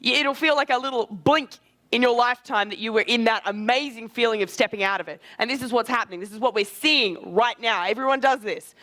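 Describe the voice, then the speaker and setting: A male coach running a live social skills seminar. He talks with energy and a casual edge, tossing in quick asides and the odd curse word. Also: very high voice, bright, forceful tone.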